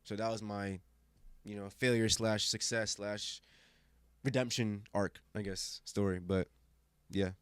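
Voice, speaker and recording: Guest, young man from Germany, lowish voice, animated and emphatic, dry close mic. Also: unhurried, clear, resonant tone, no room sound. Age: 20s. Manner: animated, emphatic, acts out quoted voices, frequent restarts. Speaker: podcast guest. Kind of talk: casual storytelling conversation.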